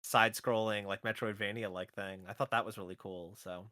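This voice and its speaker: A man co-hosting a gaming podcast in casual chat, chatty and quick to laugh, often restarting his phrases. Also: fairly low pitch, steady tone, pushed and bright, dry recording, studio quality. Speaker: podcast co-host.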